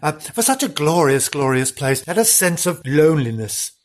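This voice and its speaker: A man hosting a comedy podcast, telling a mock-spooky tale in a drawn-out, theatrical way with laughing asides. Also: on the high side, animated. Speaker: podcast host. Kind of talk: mock-spooky comic storytelling.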